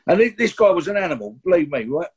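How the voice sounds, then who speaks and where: A man's voice: high-pitched, very animated, quick pace. A man in his sixties with a London accent, telling rambling, chatty stories in an interview, full of restarts and asides. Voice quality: husky. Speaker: guest actor. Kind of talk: anecdotal interview storytelling.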